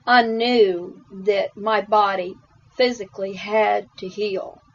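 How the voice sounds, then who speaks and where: A woman's voice: medium pitch, fairly even intonation, slow pace. A woman giving earnest, emotional personal testimony in an interview. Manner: emotional, earnest storytelling, rising intensity. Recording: dull lo-fi recording.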